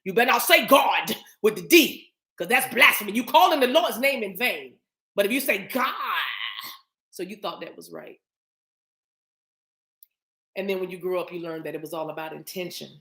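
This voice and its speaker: A woman hosting a livestream, talking to her chat in an animated, emphatic, preachy way and repeating her phrases. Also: medium pitch, moderate pace, long pauses. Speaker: spiritual reader and livestream host. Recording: roomy echo.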